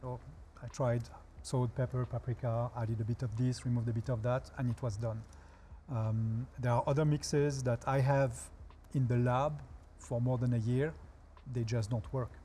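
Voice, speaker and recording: A man with a French accent speaks as a guest chef on a television talk show. His voice sits at an ordinary middle pitch, and he explains step by step with relaxed, dry humor. A faint hiss of noise runs underneath. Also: moderate pace. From France.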